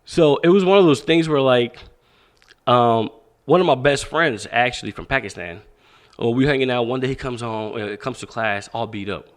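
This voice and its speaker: On a podcast, a boxing coach spins casual, profane stories in a mid-range male voice at a moderate pace. He stays animated throughout the interview, dramatizing quoted speech as he tells each tale.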